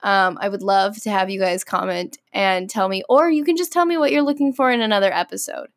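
A young woman hosting a solo podcast, ranting in an exasperated, animated way with many fillers. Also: medium pitch, brisk. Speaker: podcast host.

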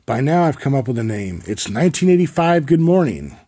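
A man's voice: mid-range voice, big pitch swings, fairly quick, warm tone, breathy edge. A man in his forties hosting a podcast, telling a story in a wry, profane, rambling comic monologue. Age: 40s. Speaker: podcast host.

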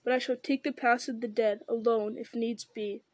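A woman reading the lines of a stern, resolute male lord in a grave, measured way, close to her own voice. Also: fairly high pitch, fairly even intonation, a little mellow, no room sound, lightly acted, rough recording.

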